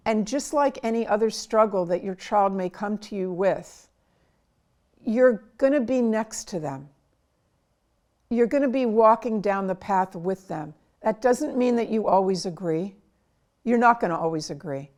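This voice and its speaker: A middle-aged woman, a child psychiatrist, giving earnest advice to parents in an interview and sometimes acting out what parents and children say. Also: mid-range voice. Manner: slow, earnest, acts out quoted dialogue.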